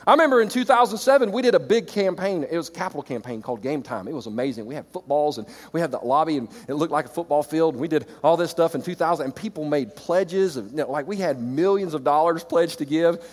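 A middle-aged pastor preaches animatedly to church leaders, swinging between loud exclamations and quiet, reflective passages. He speaks fast with few pauses in a voice a little high for a man. A long reverb, as in a large auditorium, shows it was recorded in a reverberant hall.

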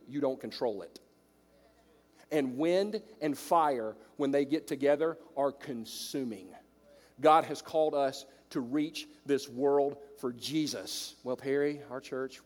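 A man preaching a sermon to church leaders, swinging from hushed asides to loud, ringing declarations. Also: fairly high pitch. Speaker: pastor. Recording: long hall reverb.

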